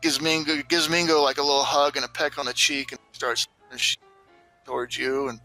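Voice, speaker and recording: A man's voice: on the high side, flat delivery, moderate pace, sharp tone, soft background music. A man narrating a tabletop game as game master, loose and rambling with many fillers.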